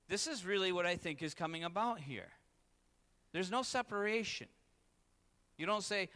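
A man's voice: sits high, expressive, moderate pace, sharp tone. A man, a pastor, preaching a candid, confessional sermon that rises to emphatic peaks. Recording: long reverb in a hall.

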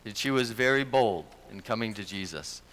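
A man's voice: lowish voice, expressive, moderate pace, a bit bright. A man preaching a sermon as pastor, speaking in an earnest, conversational way.

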